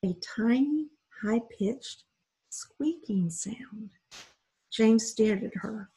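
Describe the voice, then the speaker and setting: A woman reads a children's story aloud, unhurried and expressive. Her voice is very husky with a gravelly edge, and she takes her time over each phrase. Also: medium pitch, poor audio. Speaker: reader. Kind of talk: reading a children's novel aloud.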